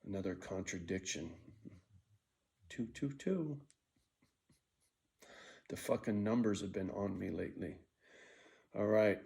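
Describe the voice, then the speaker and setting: With a low, gravelly, darkish voice and a level tone at a moderate pace, a man of sixty vlogs a profane, meandering monologue. Restless, he keeps restarting, stumbling, and leaping between thoughts.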